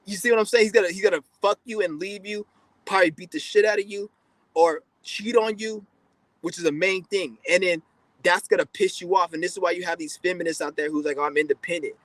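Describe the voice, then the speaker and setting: A man with a fairly high voice holds forth in a blunt, profane, rambling monologue, often restarting his sentences. The sound is dry and close, with no room around it. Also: fairly quick, dry recording, poor audio. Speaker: podcast host. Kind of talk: casual monologue.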